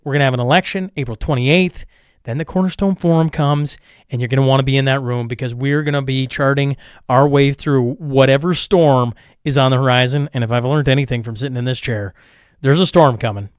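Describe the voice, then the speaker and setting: A man's voice: mid-range voice, clear, resonant tone, dry recording, studio quality. A man hosting a podcast, reading sponsor spots and event plugs in a rambling, upbeat, casual way. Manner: upbeat, rambling, restarts and self-corrections. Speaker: podcast host. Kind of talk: casual ad reads and show intro.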